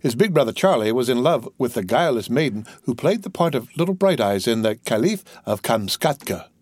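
Husky, lively male storyteller. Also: mid-range voice, brisk, no echo. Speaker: audiobook narrator. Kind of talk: scripted narration of a novel.

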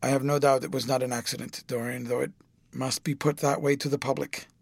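A man's voice: medium pitch, flat delivery, a little fast, gravelly, no echo. Brief: male reader as a cool, witty nobleman, drawling and urbane, dry close sound. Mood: matter-of-fact. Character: worldly older aristocrat, cool, cynical, witty. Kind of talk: audiobook reading.

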